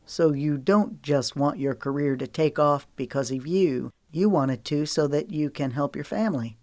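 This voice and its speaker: Woman putting on a laid-back young guy, teasing and soft, pitched lower than her own voice, dry close sound. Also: moderate pace, no echo, close to an everyday voice. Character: easygoing young man, teasing and friendly.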